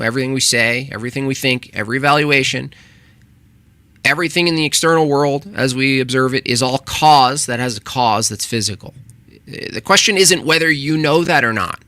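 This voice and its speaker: A man's voice: medium pitch, sharp tone, dry recording. Combative, swearing male host. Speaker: channel host reacting to a video. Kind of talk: heated casual reaction commentary.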